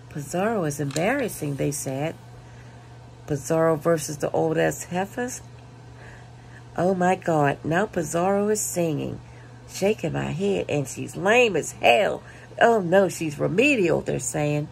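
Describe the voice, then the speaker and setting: A woman vlogger casually reading viewer comments aloud, laughing and mocking, punching the quoted lines loudly. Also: sits low, expressive, a little slow, vocal fry, breathy edge. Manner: laughing, mocking, reads comments with loud emphasis.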